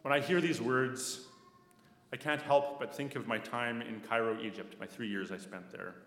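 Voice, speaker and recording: A man from Canada preaching a sermon, slow and measured, repeating key phrases and dropping to soft asides. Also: mid-range voice. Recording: echoey hall with long reverb.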